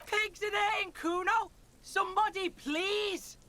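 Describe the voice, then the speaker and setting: A woman's voice: extremely high pitch, steady tone, takes it slowly, heavy background noise. A woman voicing a crude, cocky boy street kid in a video game who taunts and mocks. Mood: mock shouting.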